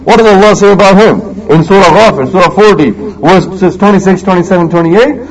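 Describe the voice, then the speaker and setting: A man preaching a sermon with animated, dramatic delivery, quickly reciting Quranic Arabic between his English explanations. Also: high voice, low-quality recording. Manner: animated, dramatic delivery that swings between loud emphasis and hushed asides. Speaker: Islamic preacher.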